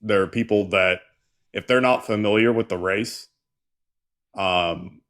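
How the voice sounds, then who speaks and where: A man's voice: lowish voice, measured pace, fairly bright tone. A man co-hosting a live call-in show, pressing callers skeptically.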